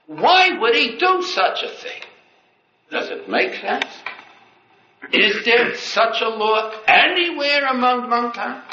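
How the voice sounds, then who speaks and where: A man giving a religious lecture, firing rhetorical questions and acting out quoted dialogue. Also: pushed and bright. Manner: rhetorical questions, acts out dialogue with sweeping pitch. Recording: echoey, dull lo-fi recording with faint noise.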